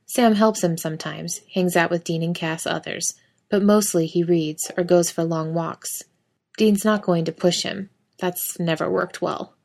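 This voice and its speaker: Soft-voiced woman reading a story aloud. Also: lowish voice, steady tone, a little slow, gravelly. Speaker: fan fiction reader. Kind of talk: audiobook-style story reading.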